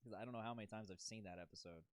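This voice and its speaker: Guy with a lowish voice rambling through a story on a podcast, dry close sound. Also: very fast, dry recording. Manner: rambling, loose storytelling with restarts. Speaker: podcast co-host. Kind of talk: casual chat.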